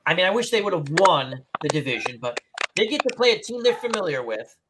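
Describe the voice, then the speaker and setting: A man's voice: on the high side, big pitch swings, fairly quick. A man hosting a casual live-stream chat, rambling and opinionated, restarting sentences often. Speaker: host. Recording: noisy home mic.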